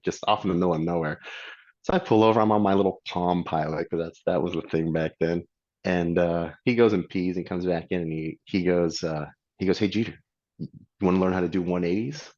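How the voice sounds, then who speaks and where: A man in middle age with a deep, low voice tells a road story from his wrestling days. He is casual and lively and acts out what others said. The sound is a bit dull and lo-fi. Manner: animated, acts out quotes of others. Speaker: former pro wrestler, guest.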